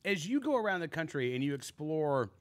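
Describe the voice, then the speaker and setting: A man hosting a talk show from a broadcast studio, his pitch rising and falling with lively swings. He chats easily and pokes fun at himself while he questions his guest. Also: a little fast. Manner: chatty, self-deprecating, animated. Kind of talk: studio interview chat.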